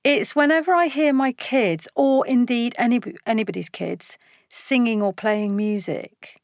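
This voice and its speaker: A middle-aged woman chatting casually as a guest, animated and laughing, acting out quoted lines. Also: fairly high pitch, measured pace, no room sound, clean studio sound. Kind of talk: casual chat.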